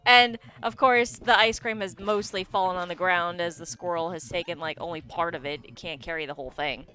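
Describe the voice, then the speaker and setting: A woman's voice: fairly low pitch, brisk, few pauses, clean tone. A young woman from the United States co-hosting a game stream, telling stories with lots of laughter and fillers. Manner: animated storyteller, laughs often, many fillers. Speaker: streamer co-host. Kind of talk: casual chat over gameplay.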